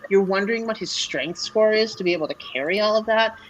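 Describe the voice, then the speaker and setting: Brief: relaxed woman game master, mid-pitched, um-filled narration, faint hiss. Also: fast, muffled recording. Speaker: dungeon master.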